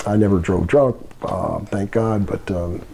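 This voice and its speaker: A man's voice: fairly low pitch, steady tone, a little slow, creaky, mellow, slight background noise. A man in his sixties, a former wrestler, telling a long story in an interview, rambling with fillers and restarts. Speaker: guest, former pro wrestler.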